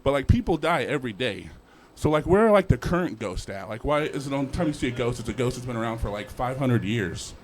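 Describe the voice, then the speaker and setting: Young male stand-up comic, lively delivery, open mic set with jumpy character voices. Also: medium pitch, a little fast, few pauses, slight background noise. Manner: animated, acts out characters with jumps in voice. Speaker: stand-up comedian.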